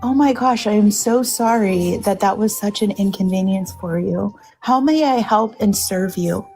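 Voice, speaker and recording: A woman's voice: medium pitch, faint music behind, lightly acted. A woman putting on a gushing customer service voice. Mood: sugary apologetic. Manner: gushing, apologetic, bright and fast. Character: overly sweet female customer service agent, eager to please.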